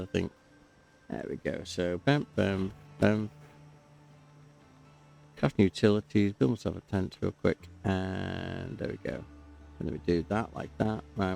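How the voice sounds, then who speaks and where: A man's voice: on the low side, gravelly, a little mellow. A man giving casual, chatty gameplay commentary, talking to himself and cracking jokes as he plays. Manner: chatty, self-talking, jokey.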